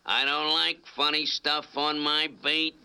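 An actor playing a gruff, suspicious male police officer in a classic cartoon, gravelly and slow-spoken. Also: on the high side, level tone, pushed and bright, full character voice.

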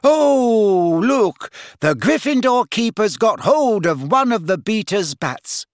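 A man's voice: high-pitched, big pitch swings, takes it slowly, no echo, clean studio sound, pitched above the performer's own voice, full character voice. A man reading an audiobook, voicing a dreamy, vague teenage girl with an airy manner. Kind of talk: audiobook character voice.

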